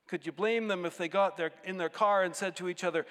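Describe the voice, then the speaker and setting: A man preaching a sermon as pastor of a church, earnest, swinging between emphatic rises and quiet drops. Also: high-pitched, fairly even intonation, brisk, in a large hall.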